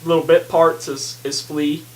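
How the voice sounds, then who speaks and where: This man's voice sits on the high side, delivered flatly at a measured pace. Co-hosting a podcast, he chats loosely about a movie, wandering through his points with many fillers and laughs.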